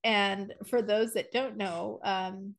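A woman in her forties co-hosting a podcast, chatting casually and telling animated stories, laughing often and acting out the scares she describes. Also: medium pitch, takes it slowly, vocal fry. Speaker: podcast co-host. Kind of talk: casual chat.

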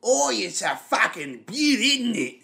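A brash, crude Australian bruiser who barks every line loud and high, as a man puts him on. The accent is thick and overdone, and he swears freely. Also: big pitch swings, slow, vocal fry, full character voice. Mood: mocking. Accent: exaggerated Australian.

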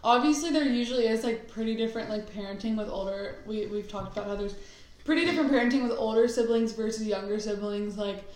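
A woman's voice: a little high, fast talker, a little mellow. Giggly teenage girl host, echoey room. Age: teens. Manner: giggly, loose questions with fillers. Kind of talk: casual chat.

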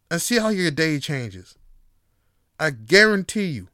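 A man hosting a casual solo podcast, rambling loosely with plenty of swearing and filler words, and getting loud and animated when he gets worked up. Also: on the high side, unhurried, dry recording, studio quality. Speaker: podcast host.

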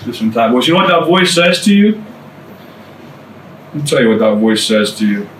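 A man's voice: mid-range voice, sing-song, a little fast. A man sharing his testimony with a small group, preaching in an earnest, conversational way with casual asides. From United States. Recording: roomy, distant mic, faint room noise.

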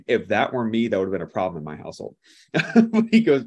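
A male pastor preaching a sermon, telling a lively story and acting out the people in it with laughter. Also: fairly low pitch, fast.

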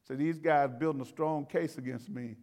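A man's voice: a little high, steady tone, normal speed, darkish tone. A man pastor giving a sermon in a folksy, conversational preaching manner.

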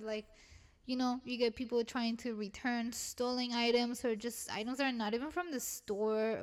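A young woman with a thick Mexican Spanish accent talks in loose, rambling casual chat. She swears often and pokes fun at herself. Her voice sits somewhat high. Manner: rambling, swearing, self-deprecating. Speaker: retail worker.

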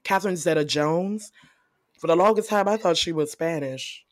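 A woman's voice: on the low side, moderate pace, dry recording, studio quality. A young woman co-hosting a casual chat show, playful and laughing often. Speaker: podcast co-host.

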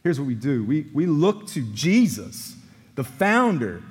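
A man preaching a sermon as pastor, earnest and emphatic, with quiet reflective passages, ending in prayer. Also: a little high, big pitch swings, measured pace, husky. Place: church sanctuary. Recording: long church hall reverb.

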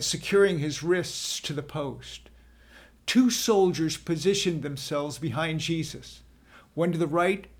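A man narrating a dramatic scripture retelling as the apostle Peter, in a deliberate, solemn way. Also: on the high side, vocal fry.

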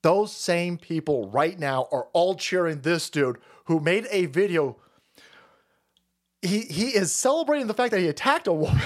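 Brief: male streamer, crude, scornful, laughing rant, very animated intonation. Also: sits high, unhurried. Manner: profane, mocking, laughing ranting. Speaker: political commentary streamer. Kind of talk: livestream rant.

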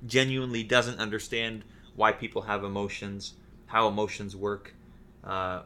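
A man's voice: lowish voice, level tone, moderate pace, bright, forceful tone. A man in a casual podcast chat about a video game, ranting in an exasperated, profane way. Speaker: podcast co-host.

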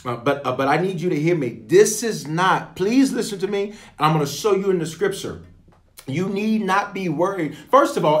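A man's voice: high voice, animated, normal speed, a bit bright. A man serving as a bishop, leading a livestreamed prayer with emphatic, repetitive, preacherly phrasing. He talks colloquially and speaks straight to his viewers. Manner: colloquial, addresses viewers directly.

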